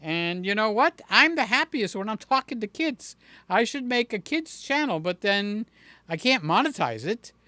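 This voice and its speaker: A man's voice: big pitch swings, sharp tone, no room sound. A man hosting a casual livestream, reading viewers' chat aloud and talking back to them by name, with a playful streak. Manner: slow, chatty, talks to viewers by name; breaks into a high playful voice to entertain a child.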